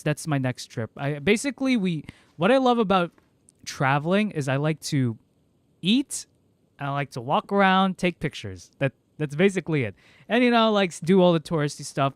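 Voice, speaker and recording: A man's voice: on the high side, clear, resonant tone, dry recording. A young American man rambling chattily through a casual livestream, laughing often. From United States. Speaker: streamer.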